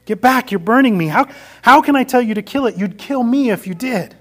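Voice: medium pitch, expressive, a little fast, pitched above the performer's own voice, natural voice. A preacher voicing a frightened, dithering male ghost who stammers and protests. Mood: panicked.

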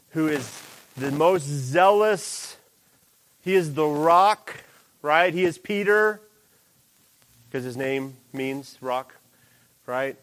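A man preaching a sermon in a lively, animated way, jumping into character voices for quoted lines. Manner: animated, acts out quoted lines with big pitch jumps.

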